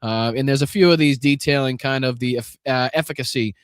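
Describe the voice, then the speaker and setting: A man's voice: mid-range voice, brisk, smooth, no echo, studio quality. A man with a Boston accent hosting a live political podcast, talking bluntly and profanely with lots of fillers and restarts.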